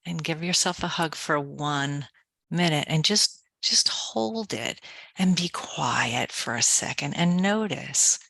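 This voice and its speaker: An energetic woman author talks in an interview, moving between personal story and calm step-by-step coaching. Her voice is bright and forward with a gravelly fry at the edges. The sound is dry and close, with no room echo. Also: sits low. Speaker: author and podcast guest. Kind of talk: conversational interview, guided relaxation instructions.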